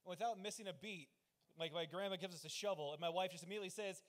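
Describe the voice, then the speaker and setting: A young man doing a rambling, deadpan, profane open-mic stand-up set on a club stage. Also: sits high, quick pace. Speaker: stand-up comedian.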